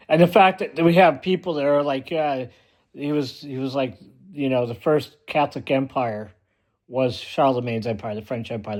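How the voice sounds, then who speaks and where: A man delivering a blunt, emphatic ranting monologue as a vlogger, often repeating himself for force. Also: medium pitch.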